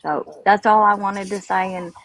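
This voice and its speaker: A woman's voice: mid-range voice, flat delivery, normal speed, a bit bright, rough recording. An older woman, calling into a live stream, emotional and rambling, close to tears.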